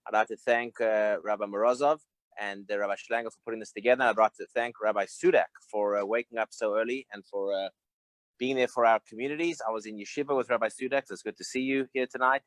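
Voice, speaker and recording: A man giving a brief, halting welcome and blessing as a local rabbi over a video call. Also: fairly low pitch, steady tone, dry recording, low-quality recording. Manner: halting, many fillers.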